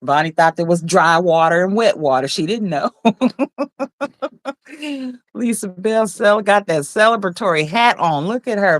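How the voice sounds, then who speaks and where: A woman's voice: fairly low pitch, dry recording. A woman hosting a casual livestream, reading viewers' comments aloud, teasing them and laughing often. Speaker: livestream host.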